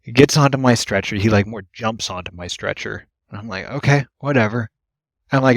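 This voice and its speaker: A man's voice: lowish voice, a little fast, no echo. A young man, an ambulance worker, telling work stories in a casual podcast chat, laughing often and acting out the people he quotes. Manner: animated storyteller, laughs often, acts out quotes. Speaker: guest, ambulance AEMT.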